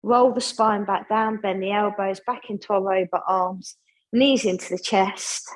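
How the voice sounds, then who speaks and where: A woman leading a guided yoga class, giving gentle, chatty instructions with friendly asides. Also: medium pitch, fairly even intonation, measured pace, rough recording.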